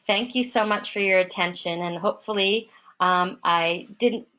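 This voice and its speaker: A woman giving an online software demonstration in a casual way, with many fillers and restarts, speaking over a web call. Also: medium pitch, normal speed, rough recording. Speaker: product trainer.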